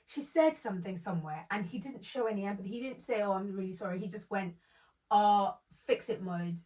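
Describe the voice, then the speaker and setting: A woman's voice: medium pitch, brisk. Woman co-host gabbing about a dating show, mic a bit far off. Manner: animated, quotes people in put-on voices. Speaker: podcast co-host. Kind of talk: casual reality TV review chat.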